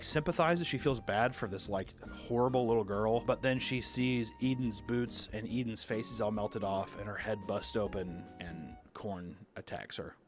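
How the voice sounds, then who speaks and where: A young man in casual commentary, sarcastically recapping a film and mocking its characters by acting out their lines. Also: mid-range voice. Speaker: streamer.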